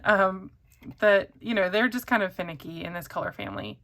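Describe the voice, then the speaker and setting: Bright-voiced chatty woman. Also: medium pitch, sing-song, fairly quick. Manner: chatty, rambling, many ums and likes. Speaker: pen reviewer. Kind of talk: casual chat to camera.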